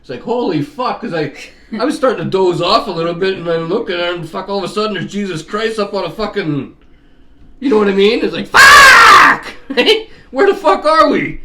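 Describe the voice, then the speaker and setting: A man's voice: sits high, fast talker, background noise. A middle-aged man from Canada, casually telling a rambling, profane story and laughing often. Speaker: vlogger. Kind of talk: casual chat.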